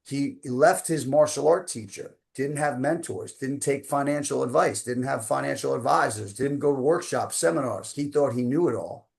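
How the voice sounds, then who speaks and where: A man's voice: medium pitch, normal speed, creaky, few pauses. A man in his fifties, a coach telling a motivational story with emphatic, casual phrasing. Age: 50s. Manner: emphatic, casual slang such as man and dude.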